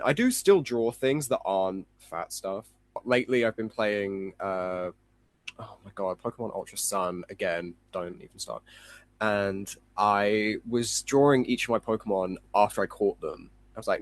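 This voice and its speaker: A man's voice: on the low side, a little slow, no echo. A man appearing as a guest illustrator on a podcast, speaking casually with self-deprecating, rambling humour and jokey asides.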